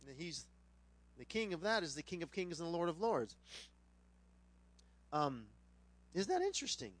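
A middle-aged man, a pastor preaching a sermon, who tells funny stories with lively voices mixed into his teaching. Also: a little high, moderate pace. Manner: animated, humorous storyteller who puts on voices. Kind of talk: sermon with a personal anecdote.

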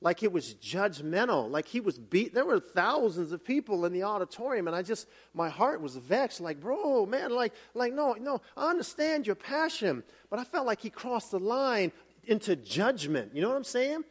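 A man preaching a sermon with a strikingly high voice. He tells his story in a lively, animated way, stumbling through restarts and fillers as he goes. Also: moderate pace, husky. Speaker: pastor.

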